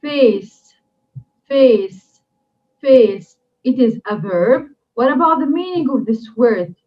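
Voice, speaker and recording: Slow, deliberate woman teaching vocabulary. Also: high voice, lively intonation. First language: Arabic. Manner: slow and deliberate, repeats each vocabulary word three times for drilling. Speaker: English teacher. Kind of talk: recorded classroom lesson. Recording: dull lo-fi recording.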